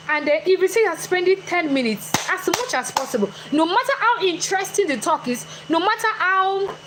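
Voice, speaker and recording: A woman's voice: sits high, background noise. Lady giving a motivational talk, bouncy voice, talks right to the audience. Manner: animated, chatty, questions the audience directly. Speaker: motivational speaker.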